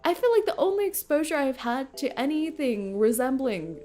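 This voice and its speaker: A young woman VTuber with a high, warm voice and big pitch swings talks at a normal speed during her game stream. She chats casually and laughs a lot, with faint game music playing behind her.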